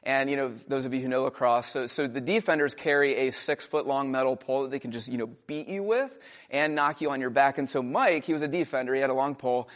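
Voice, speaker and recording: A man's voice: medium pitch, fast talker, fairly bright tone. A young adult man, a pastor, preaching a sermon in a conversational storytelling way, raising his voice for emphatic quotations. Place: church.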